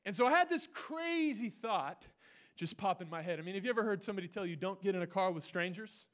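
A young man preaches from a church stage with a bright, high-set voice. He tells his story in big swings, shouting one moment and dropping low and quiet the next. The sound comes through a stage microphone. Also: quick pace. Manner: animated storytelling, swinging from loud to hushed. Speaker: pastor. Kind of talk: sermon with personal story.

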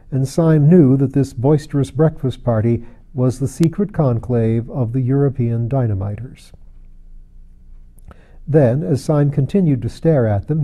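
A man reading a classic novel aloud in a measured, even audiobook narration. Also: medium pitch. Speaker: audiobook reader.

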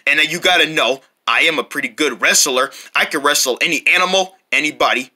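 A performer voicing a boastful fish character in a lower, gruff voice in a comedic skit. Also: brisk, bright, forceful tone. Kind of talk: comedic puppet-style skit.

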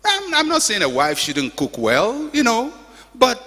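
An older pastor preaching a sermon in a church, with emphatic, repetitive exhortation and humorous asides. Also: male voice, extremely high pitch, wildly swooping pitch, a little slow, bright, forceful tone. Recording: echoey church hall.

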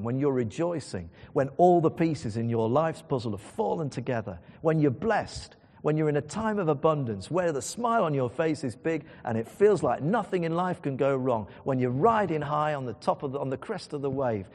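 Preacher in an echoing church. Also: male voice, a little high, animated, normal speed, hardly any pauses, a little mellow. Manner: conversational, emphatic, storytelling. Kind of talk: sermon. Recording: church hall reverb.

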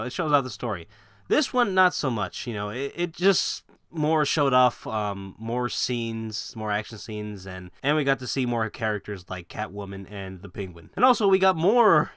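A man's voice: mid-range voice, sharp tone, dry recording, clean studio sound. A young man chatting casually about games and movies, rambling with lots of filler words, laughing and swearing. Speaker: channel host.

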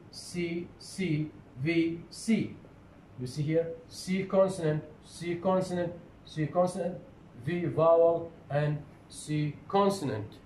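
Male lecturer, fairly high voice, repeats key terms, echoey room with faint hiss. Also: a little mellow. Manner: repetitive, asks questions and answers them. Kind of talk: phonetics lecture.

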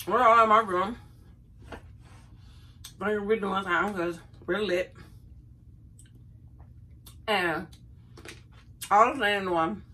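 Middle-aged woman, a bright, animated vlogger telling a story. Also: medium pitch, poor audio. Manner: animated, chatty, addresses viewers as y'all. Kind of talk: casual storytelling to camera.

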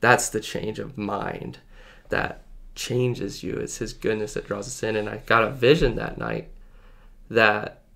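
Low, gravelly man sharing an earnest testimony. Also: steady tone, fairly bright tone. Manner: earnest and halting, heavy with filler words; emotional, close to tears at times. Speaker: podcast guest. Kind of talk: personal faith testimony in casual conversation.

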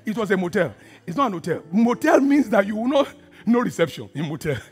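A man preaching a sermon, telling a personal story with acted-out dialogue and hushed asides. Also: high voice, very animated, fast talker, breathy edge. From Nigeria. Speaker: pastor.

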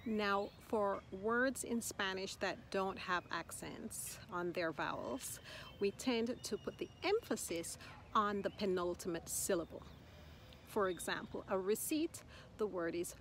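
A woman giving a slow, clear language lesson, encouraging the listener and repeating words carefully. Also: medium pitch, a little hiss or hum. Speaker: Spanish teacher. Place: outdoors in Mexico.

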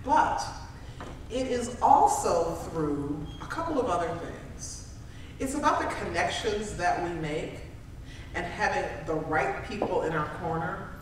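A woman gives a humorous motivational talk, telling stories on herself with self-deprecating humor and frequent laughs. Her pitch swings widely as she tells them. She is heard from a distance in a very echoey conference room, with steady ambient noise behind her. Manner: animated storytelling, self-deprecating, laughs often. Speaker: keynote speaker. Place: large conference room with live audience.

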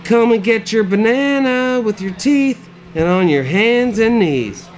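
A man's voice: high voice, expressive, a little slow, voice pushed up. A man voicing a bold, teasing seventeen-year-old coffee girl who gives orders. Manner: suggestive, bossy.

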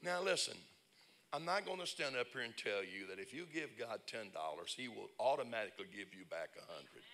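Gravelly, animated preacher man. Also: fairly low pitch, a little fast. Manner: animated storyteller, bursts into shouts and laughs. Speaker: pastor. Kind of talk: lively humorous preaching. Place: church conference service.

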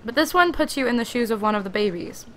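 A woman playing a video game and commenting casually, excitable and swearing freely as she chats to the characters on screen. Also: on the high side, fast talker, a little hiss or hum. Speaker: let's play gamer.

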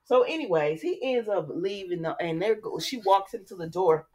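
A woman's voice: mid-range voice, lively intonation, normal speed, a little mellow. A woman hosting a casual soap opera recap, chatty and opinionated, talking straight to her viewers. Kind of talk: casual chat recapping episodes.

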